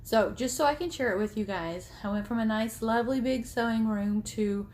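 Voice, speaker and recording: Holding her phone at arm's length, a sewing vlogger in her thirties or forties shows off her small home sewing room, chatting and rambling and poking fun at herself. She speaks at normal speed in a fairly high but darkish voice over slight background noise.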